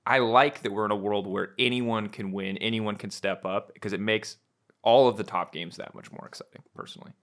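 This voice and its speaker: Low-voiced man hosting casually. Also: fairly even intonation, a little fast, fairly bright tone. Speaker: podcast host and caster. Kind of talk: casual esports chat.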